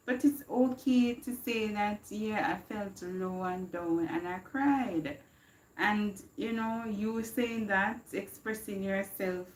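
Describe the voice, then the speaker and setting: A woman's voice: medium pitch, reverberant. A woman hosting a livestream, chatting reflectively, slipping into patois and laughing often. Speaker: livestream host. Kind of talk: casual inspirational chat.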